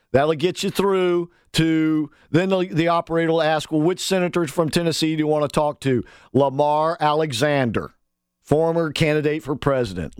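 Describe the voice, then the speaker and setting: A man with a high-pitched voice runs a political talk radio monologue, heated and mocking by turns. He pushes his listeners to pick up the phone. The sound is dry and close, with no room around it. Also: clean tone, no echo. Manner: fired-up, sarcastic, calls on listeners to act.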